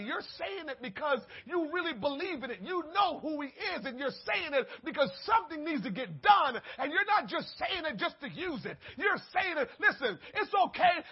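A man preaching a sermon with passion, swinging between shouted declarations and low, quiet asides. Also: muffled recording.

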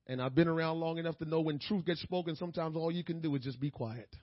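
A man preaching a sermon with a husky voice, swinging from hushed talk to shouting and crying out. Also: a little high, fast talker, dry recording, dull audio. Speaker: pastor.

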